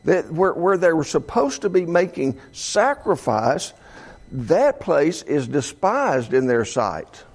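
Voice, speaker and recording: A male Bible teacher talks through scripture with his class, restarting his sentences as he goes. His voice is gravelly and swings widely in pitch. He sits a little higher than most men. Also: darkish tone. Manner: conversational, with frequent restarts.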